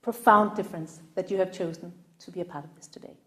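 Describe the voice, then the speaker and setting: A woman giving an earnest, halting opening speech to a live audience, her voice catching with emotion at times. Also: fairly low pitch, fairly even intonation, bright, forceful tone. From Denmark. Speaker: event host. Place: room in front of a live audience. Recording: roomy echo.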